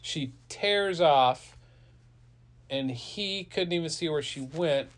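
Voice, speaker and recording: A man's voice: a little high, takes it slowly. A man improvising a playful story for a child, with sound effects and an easy, chatty delivery. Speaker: parent telling a bedtime story.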